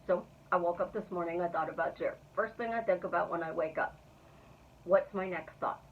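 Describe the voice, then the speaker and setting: A woman's voice: a little high, a little hiss or hum. Earnest woman on a tinny, distant line. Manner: earnest, repeats affirmations in a steady rhythm. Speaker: manifestation coach. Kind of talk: motivational self-help talk. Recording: thin phone-like sound, distant from the mic.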